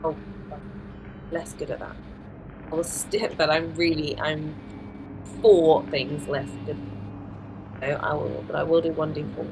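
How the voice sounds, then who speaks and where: A woman chatting through a tabletop game session, self-mocking and quick to laugh. Her voice sits low for a woman. A steady noise runs under her home mic. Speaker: player. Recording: clear background noise.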